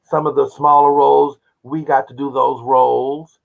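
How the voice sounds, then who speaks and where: A man in his seventies from Oklahoma, a guest who tells animated stories and acts out the voices of people he quotes. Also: mid-range voice, moderate pace, vocal fry. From Oklahoma, United States. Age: 70s. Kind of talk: casual interview storytelling. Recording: dull lo-fi audio.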